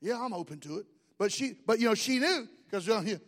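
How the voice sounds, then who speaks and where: A man's voice: high-pitched, animated, a little fast, big-room sound. A man preaching a sermon, conversational, joking with the congregation in asides. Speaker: pastor.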